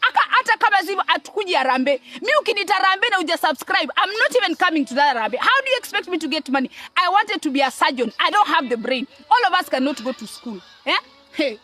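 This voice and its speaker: A woman's voice: very high-pitched, expressive, fast, bright, forceful tone. A Kenyan woman ranting to her audience in an emphatic, scolding way, repeating words and asking "eh?" between points. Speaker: online commentator. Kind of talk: ranting monologue to camera.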